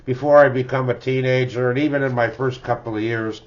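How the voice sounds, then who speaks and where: An older man, middle-pitched and relaxed, reminiscing through his record collection. He rambles, restarts and chuckles, and he ends his remarks with "eh?". The sound is dull and lo-fi, like a home recording. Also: brisk. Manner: rambling, chuckling, tags lines with "eh?". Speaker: music collector vlogger. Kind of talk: casual reminiscing about records.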